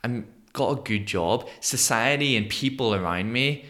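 A man in his thirties from Northern Ireland with a Northern Irish accent, a podcast guest telling his story in an animated way and acting out the voices of people he quotes. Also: mid-range voice, measured pace. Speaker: guest, motivational speaker. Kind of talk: conversational storytelling interview.

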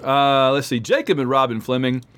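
A podcast host on a casual sports show reads patron names rapidly and chattily, talking with his mouth full as he eats hot peppers. He speaks at a medium pitch over a noisy background.

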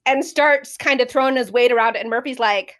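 Chatty woman with a bright higher voice. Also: brisk. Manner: animated, acts out character quotes, frequent fillers. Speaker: podcast co-host. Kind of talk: casual book discussion. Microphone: remote call mic.

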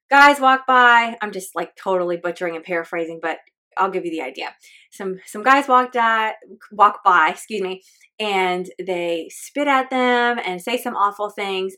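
A woman's voice: mid-range voice, pushed and bright. A woman hosting a faith podcast, talking in an earnest, candid and chatty way with lots of fillers. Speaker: podcast host.

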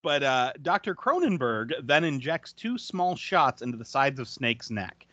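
A man's voice: medium pitch, big pitch swings, measured pace, pushed and bright, no room sound, lo-fi sound. A man co-hosting a podcast, recapping a movie in casual chat, swearing freely and laughing often. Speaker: podcast co-host.

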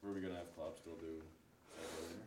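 A man's voice: low voice, flat delivery, fast, background noise. A man directing a recording session, explaining scenes in a matter-of-fact way. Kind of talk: casual chat.

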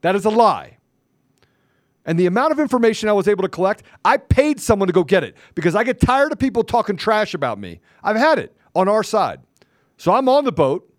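A man with a high, lively voice, hosting a podcast and launching into a combative, taunting rant. He hammers his points with repeated phrases and mild cursing. The recording is dry and close, with no room sound. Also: brisk, no echo. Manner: curses mildly, repeats phrases for emphasis. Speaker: podcast host.

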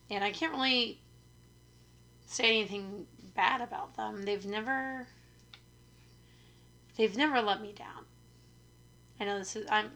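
This is a hoarse young woman chatting into a new microphone for her podcast. Her voice is rough from illness yet bright and forward at an everyday middle pitch. She rambles casually and keeps poking fun at herself. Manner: chatty, self-deprecating, rambling. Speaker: podcast host. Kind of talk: casual chat. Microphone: studio microphone.

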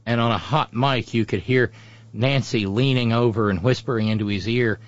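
A man's voice: medium pitch, normal speed, no room sound. A man hosting a political talk show, delivering sarcastic, mocking commentary. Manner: mocking, sneering, does mocking impressions. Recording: dry, dull lo-fi audio.

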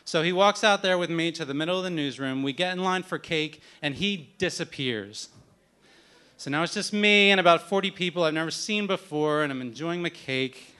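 A man's voice: fairly high pitch, moderate pace, bright, forceful tone, smooth. A man telling a wry, self-deprecating story at a live story event.

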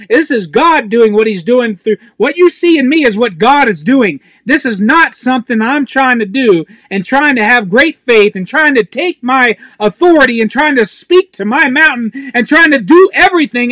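Intense high-voiced man preaching. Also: fairly bright tone, no echo. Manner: intense, pleading, raw and emotional. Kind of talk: emotional sermon to camera.

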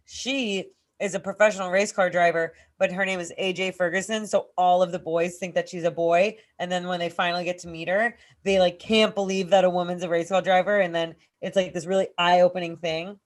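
A woman's voice: fairly low pitch, fairly quick, few pauses. Young woman, podcast co-host, casual storyteller with a salty mouth. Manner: swears freely, lively storytelling. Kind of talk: casual chat.

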